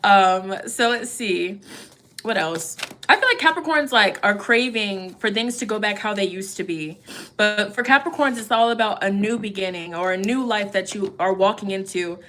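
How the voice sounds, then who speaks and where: A woman's voice: mid-range voice, normal speed, a bit bright. A woman giving a casual livestream tarot reading, chatty and encouraging, often saying "you know" and "okay?". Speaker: tarot reader.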